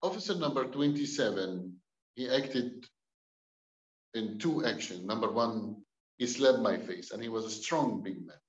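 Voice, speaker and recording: A man's voice: on the low side, animated, unhurried. A man, a pastor, telling a dramatic personal story with wry jokes and acted-out dialogue. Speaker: pastor and guest. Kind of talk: storytelling testimony. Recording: dull, roomy recording.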